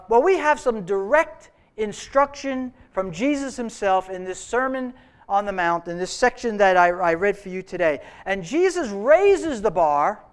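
A pastor preaching a sermon to a live congregation in a church service, telling an old joke in a relaxed storytelling way. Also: male voice, high voice.

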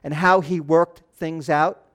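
A man's voice: on the high side, fairly even intonation, slow. A man with a nasal voice preaching a conversational sermon as pastor, earnest, with loose asides and restarts.

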